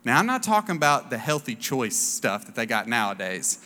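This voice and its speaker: A man's voice: medium pitch, very animated, normal speed, pushed and bright. A man in his thirties preaching a sermon in a casual, storytelling way, acting out the voices he quotes. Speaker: pastor. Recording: long reverb of a large hall.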